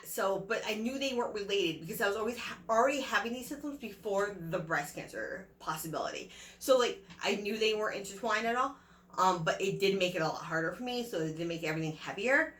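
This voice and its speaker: Young woman, casual vlog storyteller, bright voice, rambling with lots of fillers, roomy echo. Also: medium pitch. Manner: chatty, rambling, many fillers and retold dialogue. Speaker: vlogger. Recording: echoey room.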